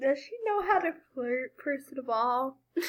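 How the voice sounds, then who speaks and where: A woman's voice: sits high, lively intonation, moderate pace. A young woman hosting a reaction video, commenting in a casual, incredulous, laughing way.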